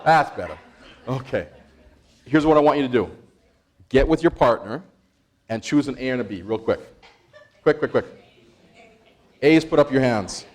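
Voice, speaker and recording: A man presenting an interactive workshop, energetic, quizzing the audience and laughing often. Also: mid-range voice, moderate pace, long pauses. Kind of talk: interactive stress-management workshop.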